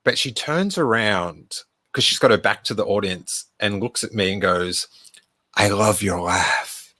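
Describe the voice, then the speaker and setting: Bright-voiced man telling a story. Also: fairly low pitch, animated, moderate pace. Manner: chatty, rambling anecdote with many "like" fillers. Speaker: podcast host. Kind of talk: live stream Q&A storytelling.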